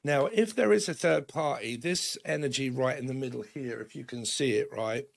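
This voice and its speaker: A British man giving a rambling, casual tarot reading to camera, tagging his points with "okay" and "right" and acting out quick quoted voices. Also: medium pitch, gravelly. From Britain. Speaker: tarot reader.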